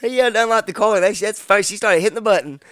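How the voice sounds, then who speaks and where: A man's voice: high-pitched, lively intonation, very fast, a bit bright, no echo, studio quality. A man co-hosting a podcast, telling a profane story in casual chat and acting out what people said. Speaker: podcast co-host.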